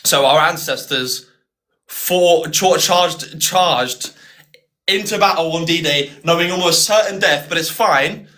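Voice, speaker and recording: A young British man with a fairly high voice hosts a live stream. He taunts a guest and laughs a lot as the argument goes on. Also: takes it slowly, pushed and bright. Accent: British English.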